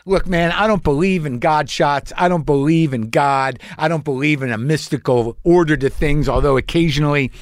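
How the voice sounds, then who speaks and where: A man's voice: a little high, moderate pace, hardly any pauses, dry recording, clean studio sound. Profane, rambling male comedian storyteller. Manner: rambling, profane, self-questioning. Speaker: comedian and podcast host. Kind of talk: storytelling monologue.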